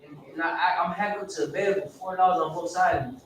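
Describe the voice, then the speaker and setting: A man's voice: high voice, steady tone, a little fast. A man sharing his recovery story in a group. He rambles, swears, repeats himself and acts out quoted dialogue. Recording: echoey room from far off with background noise.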